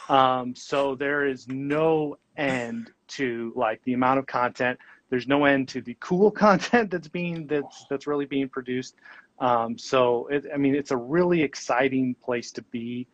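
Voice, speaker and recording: A man speaking as a guest in a casual interview, thoughtful and halting, with plenty of ums and restarts. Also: medium pitch, no room sound, low-quality recording. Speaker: guest colorist.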